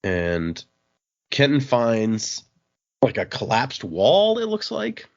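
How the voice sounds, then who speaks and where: A man's voice: medium pitch, huge pitch swings, slow, highs cut off. A man casually recapping a comic's plot on a podcast, dropping briefly into the characters' lines as he goes. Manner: summarizes plot, briefly voicing characters in quotes. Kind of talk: casual chat.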